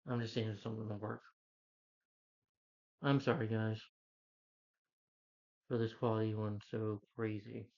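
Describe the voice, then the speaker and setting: A man's voice: lowish voice, flat delivery, unhurried, creaky, long pauses, darkish tone, highs cut off. A man who reviews movies, casually retelling a film's plot in a loose, rambling way with lots of "like" and "you know".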